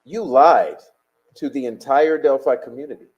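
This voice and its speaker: A man's voice: mid-range voice, moderate pace, lo-fi sound. A man hosting a live stream, reading chat and talking bluntly, combative and profane.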